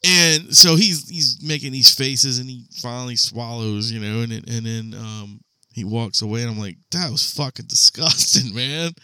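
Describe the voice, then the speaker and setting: A man's voice: mid-range voice, moderate pace, sharp tone, smooth, no echo. A man co-hosting a podcast, telling a work story in casual, profane chat and laughing through it. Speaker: podcast co-host.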